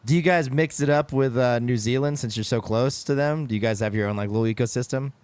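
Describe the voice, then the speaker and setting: A man's voice: medium pitch, fast talker, a little mellow, smooth, no echo. A man in a band chatting casually on a stream, teasing and playful, bossy when coaching. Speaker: band member co-hosting a stream chat. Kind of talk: casual chat.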